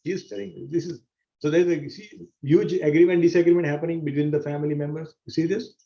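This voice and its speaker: Earnest man teaching scripture, mellow voice. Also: a little high, fairly even intonation, fast talker, vocal fry. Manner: earnest, repeats key phrases, acts out gasps. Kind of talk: explanatory sermon to an online audience. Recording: roomy, dull-sounding recording.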